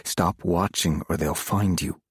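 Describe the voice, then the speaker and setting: A man's voice: low-pitched, fairly even intonation, unhurried, slightly rough, dry recording, clean studio sound, heavily acted. A man reading aloud, voicing a former priest who acts as a tense, protective mentor, firm and commanding. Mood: stern.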